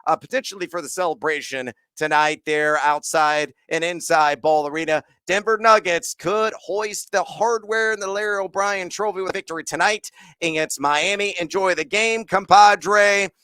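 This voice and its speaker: A man's voice: high voice, normal speed, smooth, no echo. A man co-hosting a sports betting podcast, rattling off picks and stats with lots of fillers. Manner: energetic, stat-heavy, many "uh" fillers. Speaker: podcast co-host.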